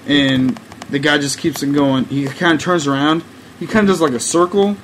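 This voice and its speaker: A man's voice: on the high side, fairly even intonation, moderate pace, slight background noise, poor audio. A young man hosting a podcast, telling a rambling, profane story in casual chat with lots of "like" and frequent laughter. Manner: rambling, heavy use of "like", profane, laughing often. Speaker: podcast host.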